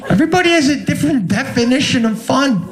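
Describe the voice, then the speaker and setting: A middle-aged man doing a stand-up set, animated and exasperated, slipping into quick impressions. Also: very high-pitched, background noise. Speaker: stand-up comedian. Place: club stage with a laughing audience. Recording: live stage recording with crowd laughter.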